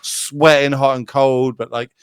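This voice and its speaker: A man's voice: mid-range voice, flat delivery, smooth, dry recording, studio quality. A man telling rambling stories as a podcast guest, casual and peppered with swearing. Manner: rapid, rambling storytelling with swearing. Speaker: podcast guest, Magic tournament caster.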